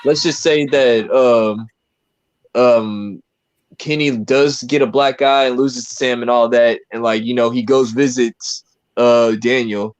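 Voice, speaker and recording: Casual podcast co-host, man, mid pitch, rambling delivery. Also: steady tone, takes it slowly, no echo. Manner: rambling, filler-heavy, acts out quotes. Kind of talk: casual chat.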